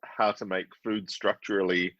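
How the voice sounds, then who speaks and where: A man's voice: low voice, flat delivery, moderate pace, fairly bright tone, highs cut off. A man guest in a casual chat, chuckling and self-mocking. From Australia. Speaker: podcast guest.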